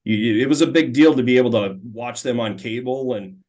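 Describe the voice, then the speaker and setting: A man in his forties from Minnesota, a former hockey player and radio color commentator, telling stories in a relaxed interview, often stumbling and repeating words as he starts sentences. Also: medium pitch, fairly quick. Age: 40s. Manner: relaxed, frequent stammered restarts. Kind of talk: casual storytelling interview.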